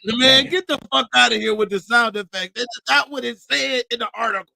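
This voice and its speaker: A podcast co-host trades loud, profane jokes in casual chat. His voice sits high and gravelly with a sharp, bright edge. The sound is dry and close. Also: a little fast, no room sound. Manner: loud, profane, exasperated joking.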